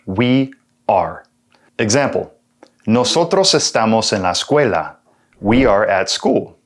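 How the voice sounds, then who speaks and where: Slow, lively Texan Spanish teacher. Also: male voice, medium pitch. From Texas. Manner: slow and clear, repeating examples with translations. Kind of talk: language lesson.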